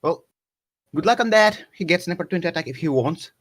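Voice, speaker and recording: A man playing a tabletop game, animated and playful. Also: fairly high pitch, fast. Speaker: player. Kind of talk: casual tabletop play.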